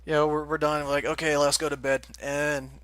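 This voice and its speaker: A man's voice: a little high, level tone, a little fast, fairly bright tone, clean tone, no room sound. A young man casually telling a rambling story, laughing often and swearing freely. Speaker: forum moderator telling a story.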